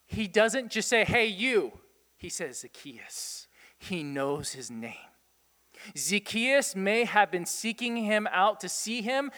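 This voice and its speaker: A pastor with a high-pitched voice delivers a lively sermon. He prods his listeners with rhetorical questions and chuckles often as he makes his points. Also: big-room sound.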